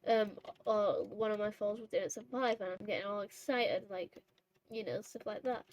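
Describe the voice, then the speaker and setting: A woman's voice: mid-range voice, moderate pace, slight background noise, poor audio. A woman vlogging casually over horse role-play gameplay, rambling and chatty with many fillers and self-corrections. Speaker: gaming vlogger.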